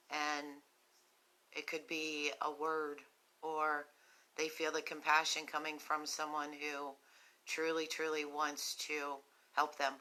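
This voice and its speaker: Hosting a live video for a recovery nonprofit, a West Virginian woman talks into her phone to people struggling with addiction. Her voice is low, steady and bright, and she's sick with a cough, a cough drop in her mouth. She speaks slowly, gently and compassionately, filling pauses with frequent ums.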